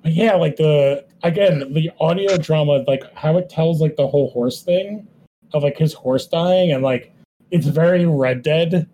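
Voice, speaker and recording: Man, casual movie chat host, mellow voice, faint noise behind. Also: a little high, measured pace, poor audio. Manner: rambling, many "like" fillers. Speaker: podcast co-host.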